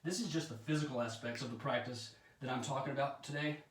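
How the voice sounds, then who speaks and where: A man chatting casually while demonstrating yoga poses, out of breath and often clearing his throat, self-deprecating about his flexibility. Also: medium pitch, fast talker, fairly bright tone. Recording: echoey room, voice from a distance.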